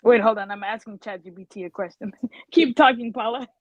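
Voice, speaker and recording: A woman's voice: a little high, fairly quick, dry recording, poor audio. A woman co-hosting a livestream, chatting casually and laughing easily. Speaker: co-host guest. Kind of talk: casual live chat.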